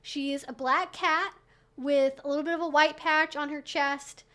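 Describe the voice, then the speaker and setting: A young woman hosts her weekly livestream Q&A, chatty and full of fillers and sarcastic asides, and she slips into soft baby talk with her dog. She speaks at normal speed in a high voice with fairly even intonation.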